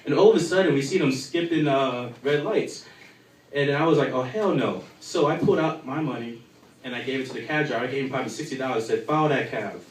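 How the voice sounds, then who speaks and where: A man's voice: medium pitch, quick pace. Crude rambling male stand-up comic. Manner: crude, rambling, lots of fillers. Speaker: stand-up comedian. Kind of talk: stand-up comedy. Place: live comedy show in a bar. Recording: echoey room from far off.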